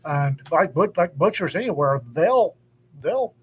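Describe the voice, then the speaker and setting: A man in a loose podcast chat who rambles, restarts his sentences and backtracks. His voice is a little higher than most men's, and a faint hum sits in the background. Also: expressive, unhurried, muffled recording. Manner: rambling, frequent restarts and fillers. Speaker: podcast co-host. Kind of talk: casual chat.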